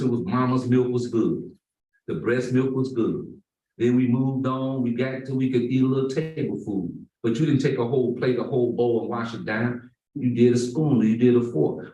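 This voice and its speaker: A man's voice: mid-range voice, mellow, muffled recording. Guy preaching a friday sermon, leans hard on words, voice bouncing round a big room, mic a ways off. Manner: emphatic, slow and drawn-out on key words. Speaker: imam. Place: mosque prayer hall. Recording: roomy echo, far from the mic.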